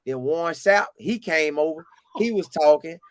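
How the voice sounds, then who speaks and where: A Southern-accented man from Florida animatedly recounts a casual story about a game visit, acting out people's quotes in a higher voice. He talks at normal speed, and the recording is echo-free studio quality.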